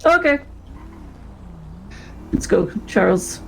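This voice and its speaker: A woman's voice: mid-range voice, big pitch swings, slow, creaky, slight background noise, poor audio. A woman role-playing in a video game, playful and giggly.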